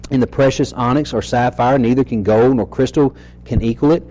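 A man preaching an expository sermon, reading scripture slowly and asking rhetorical questions as he teaches. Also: mid-range voice, steady tone, warm tone, rough recording.

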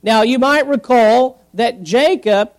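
A man's voice: extremely high pitch, slow pace. A man preaching a Sunday sermon, working through Bible passages verse by verse and reading scripture aloud to the congregation. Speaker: pastor.

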